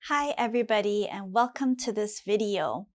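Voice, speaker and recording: A woman teaching basic English grammar, saying each word slowly and clearly and repeating it for learners. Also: medium pitch. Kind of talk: slow, clear classroom lesson.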